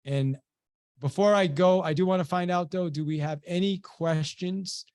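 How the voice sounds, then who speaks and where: A male sales trainer talks through a motivational story on a webinar, acting out each bit of dialogue with animated energy. His voice sits a little high. The video-call sound is dry and close, with no room echo. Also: moderate pace, clear, resonant tone. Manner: animated storyteller who acts out quoted dialogue.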